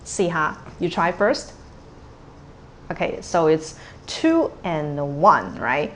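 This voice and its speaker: Lady teacher going over tones real slow, lowish voice, a little background hiss. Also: sing-song. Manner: patient, drawn-out, models words twice. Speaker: Cantonese teacher. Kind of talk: tone pronunciation lesson.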